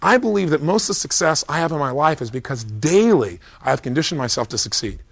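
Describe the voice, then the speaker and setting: A man's voice: fairly high pitch, fast, creaky, dry recording. Commanding male seminar coach, dry sound. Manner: commanding, coaxing instructions that build to energetic shouts. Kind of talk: guided visualization drill and seminar talk.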